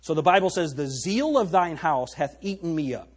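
A man's voice: a little high, expressive, normal speed, slightly rough. A male pastor preaching a sermon, reading scripture aloud and pressing the congregation with emphatic rhetorical questions.

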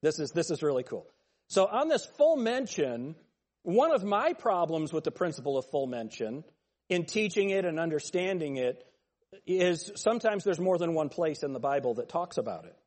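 A man's voice: on the high side, very animated, moderate pace, a little mellow. A man teaching a Bible class, talking conversationally, joking and calling on students by name. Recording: long hall reverb.

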